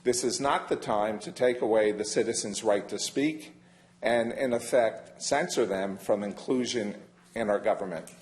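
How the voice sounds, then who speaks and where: An older man giving a formal public comment at a county meeting, measured and emphatic, leaning hard on key words. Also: fairly low pitch, a little mellow. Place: county council chamber.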